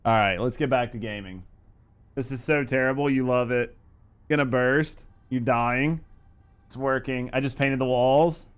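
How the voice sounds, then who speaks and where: A young man hosting a game stream, his voice smooth and clear at an ordinary pitch. He swears freely and jokes crudely with his viewers in relaxed, rambling chat. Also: a little slow. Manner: loose, profane, joking banter with chat. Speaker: streamer and gaming host. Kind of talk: casual live-stream chat.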